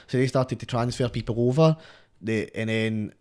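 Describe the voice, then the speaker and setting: A man's voice: mid-range voice, normal speed, a little mellow. A young man with a Glasgow Scottish accent, rambling and swearing in casual chat, with "mate" after nearly every phrase. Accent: Glaswegian Scottish. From Scotland. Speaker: guest rapper.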